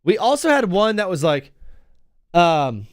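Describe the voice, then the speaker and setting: Young guy hosting a stream from home, rambly animated stories, kinda high voice. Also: a little slow, dry recording, studio quality. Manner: rambling, animated storytelling with chanted cheers. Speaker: host. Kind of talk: casual live-stream chat.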